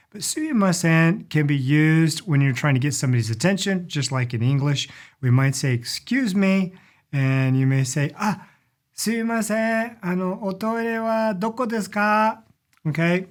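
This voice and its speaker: A man with a slightly raised speaking pitch teaches in a relaxed, friendly way. He often slows down to repeat words for learners before going on. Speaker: language and culture teacher. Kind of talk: casual instructional talk.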